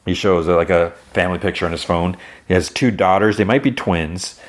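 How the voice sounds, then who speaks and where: A man hosting a podcast, recapping a TV episode in a rambling, excitable way. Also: sits low, a little fast. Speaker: podcast host.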